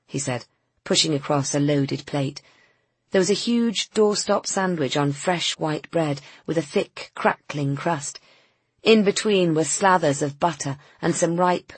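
Low husky woman reading a novel. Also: no echo. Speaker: narrator. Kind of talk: audiobook narration.

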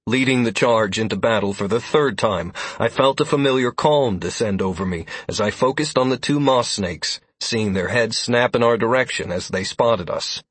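A man reads an audiobook in a steady storytelling voice. His tone is husky, and the recording is dry and close. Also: medium pitch, normal speed, hardly any pauses, dry recording. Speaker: audiobook narrator. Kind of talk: audiobook narration.

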